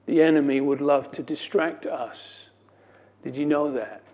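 A man's voice: a little high, steady tone, unhurried, warm tone, breathy edge. A man preaching a sermon as pastor, earnest, with dry self-mocking asides.

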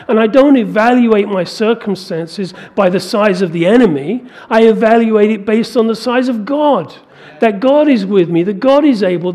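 A man preaching a sermon, emphatic, with his delivery building to forceful peaks. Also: high-pitched.

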